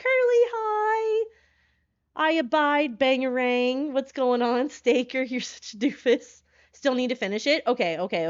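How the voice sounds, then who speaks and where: A woman horror streamer chatting live with her viewers, excitable, laughing often and swearing when startled, talking from a hotel room. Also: fairly high pitch, clean tone, no echo, lo-fi sound.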